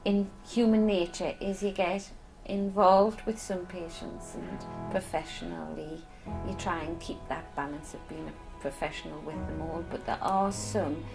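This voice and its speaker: A middle-aged palliative care nurse from Northeast England speaks candidly about her work in a documentary interview, sharing personal stories. Her voice sits on the low side with a steady tone, a slightly slow pace and some vocal fry. She comes across warm and at times emotional, with background music and poor audio.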